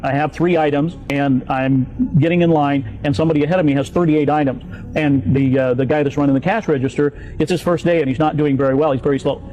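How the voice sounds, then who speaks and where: A man in an old video clip calmly explaining an idea step by step with everyday examples. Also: a little high, muffled recording. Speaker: motivational speaker in an old clip. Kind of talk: explanatory talk.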